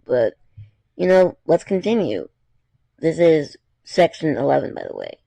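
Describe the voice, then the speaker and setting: A man's voice: fairly high pitch, huge pitch swings, moderate pace, gravelly, dark tone, no room sound. A man reading fan fiction aloud, with chatty, apologetic asides between the passages.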